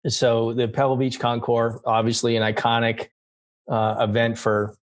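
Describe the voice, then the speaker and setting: A man in a casual interview, a former car salesman sharing stories with many pauses and fillers. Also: mid-range voice, monotone. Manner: hesitant, many fillers, laughs easily. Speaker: guest, car dealer.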